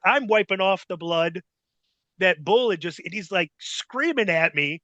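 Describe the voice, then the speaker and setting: A middle-aged man tells a rambling, swear-filled story in a casual interview. His voice sits high and bright, with a forceful edge. The sound is dry and close, with no room around it. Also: normal speed, no echo, muffled recording. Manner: profane, rambling, animated retelling. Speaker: guest.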